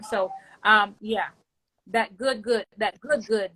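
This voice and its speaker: A woman's voice: mid-range voice, slow pace, breathy edge. Effusive woman giving a testimonial. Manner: effusive, animated, faith-filled; repeats words when moved. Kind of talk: emotional testimonial chat.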